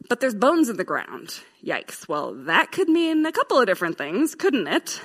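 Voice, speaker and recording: A woman's voice: medium pitch, big pitch swings, normal speed, a bit bright, breathy edge. A woman teaching a class of Bible teachers in a playful, lecturing way, laughing at her own drawings. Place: in front of a live class.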